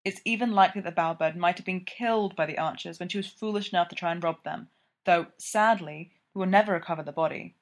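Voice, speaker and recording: A woman's voice: on the low side, fast talker, lightly acted. A woman voicing a stern, dry-humoured male police inspector with a clipped, firm delivery.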